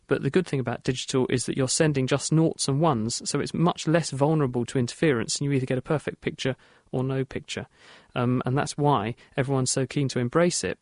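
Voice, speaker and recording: A man's voice: medium pitch, a little mellow, no room sound, studio quality. Chatty man explaining science. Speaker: radio science presenter. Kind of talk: explaining science on a call-in show.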